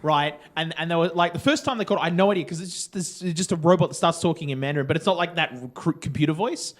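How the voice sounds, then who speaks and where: A man chatting on a podcast, fast and loose. He sits a little high in pitch and swears freely. His stories ramble along. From Australia. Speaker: podcast co-host. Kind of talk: casual chat.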